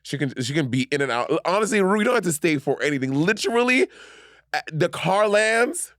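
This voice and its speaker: A man's voice: sits high, lively intonation, brisk, fairly bright tone, no room sound. Guy cohosting a podcast, keeps laughing, rambly and playful, dry close sound. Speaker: podcast co-host. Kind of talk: casual chat.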